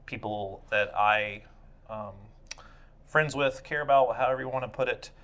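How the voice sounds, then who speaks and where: Male podcast host, mid pitch, blunt and crude, running the game and the list. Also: moderate pace, pushed and bright. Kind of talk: casual podcast banter.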